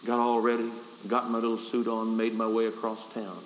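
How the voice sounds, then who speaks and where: Preaching at a revival, a man with a medium-pitched voice speaks briskly and with a completely flat delivery. His story is folksy and self-mocking, broken by stammering restarts, and the hall recording is echoey with a faint hiss.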